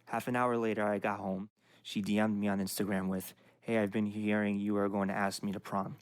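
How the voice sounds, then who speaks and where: A young man narrating a personal story in an even, plain way. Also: fairly low pitch, a little fast, rough recording.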